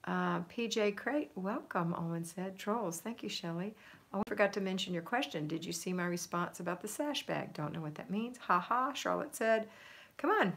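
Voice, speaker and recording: A middle-aged woman with a drawl hosts a casual home livestream and reads viewer comments aloud. Her voice sits a little low. She stays chatty and upbeat, often laughs, and fills pauses with ums. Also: creaky, fairly bright tone. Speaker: home organizing livestream host.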